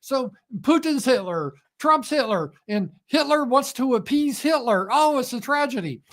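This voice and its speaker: A man's voice: extremely high pitch, expressive, moderate pace, fairly bright tone, pitched above the performer's own voice, exaggerated voice. A man putting on a mocking impression of a woman politician, using lilting, childlike phrasing. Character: sing-song woman politician, overly simple.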